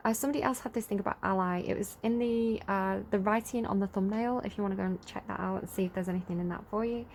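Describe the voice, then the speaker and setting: A woman's voice: medium pitch, fairly even intonation, fast, darkish tone, slight background noise. Chatty English woman reading tarot. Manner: chatty, giggly, reads card text then riffs freely. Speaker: tarot reader. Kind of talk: casual collective tarot reading.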